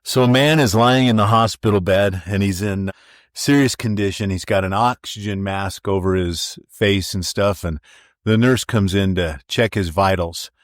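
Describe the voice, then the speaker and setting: A man's voice: fairly low pitch, moderate pace, no room sound, studio quality. A man co-hosting a casual podcast and telling a long joke. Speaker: podcast co-host.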